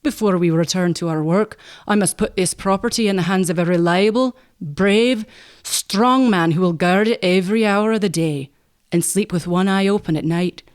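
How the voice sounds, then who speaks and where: A woman voicing a stern middle-aged male lumber boss, speaking in a measured, firm, explaining way. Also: mid-range voice, smooth, close to an everyday voice.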